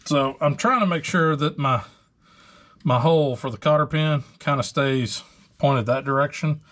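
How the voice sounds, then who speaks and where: Wrenching away in the garage, the man who hosts this truck repair channel chats in a laid-back way, plugging pauses with lots of ums. He speaks at a normal speed in a voice on the high side.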